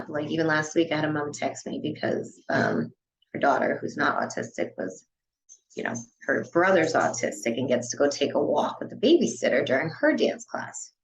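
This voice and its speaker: Low-voiced chatty woman. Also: creaky, poor audio. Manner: chatty, frequent "you know" and "like" fillers. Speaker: dance studio director. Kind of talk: casual podcast conversation.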